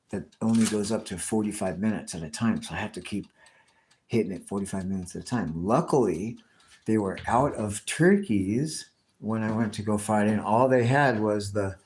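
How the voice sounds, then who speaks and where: Slangy, profane man, low-pitched. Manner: profane slangy chatter, constantly saying "dude". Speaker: livestream host. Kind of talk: casual rambling live chat.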